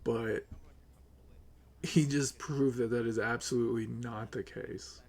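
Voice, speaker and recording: A man streaming live, ranting with lots of swearing, upset and close to tears, swinging between loud outbursts and low mutters. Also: steady tone, a little slow. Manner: profane, agitated, swings between yelling and muttering. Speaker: livestreamer.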